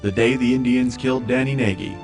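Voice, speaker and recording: A man announcing a dramatic trailer for a podcast with a grave, booming delivery. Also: steady tone, fairly quick. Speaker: promo announcer. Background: music.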